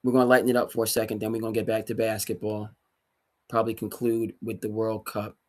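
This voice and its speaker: A man hosting a solo sports talk livestream, ranting emphatically with sudden loud bursts. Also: fairly low pitch, flat delivery, quick pace. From New England. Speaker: sports commentary host.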